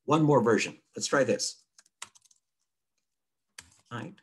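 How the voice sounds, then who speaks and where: A man, a newspaper editor, giving a relaxed, chatty writing lesson over a video call, reading example sentences aloud to show their rhythm. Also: mid-range voice, moderate pace, husky. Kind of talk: conversational online writing lesson. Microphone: computer mic on a video call.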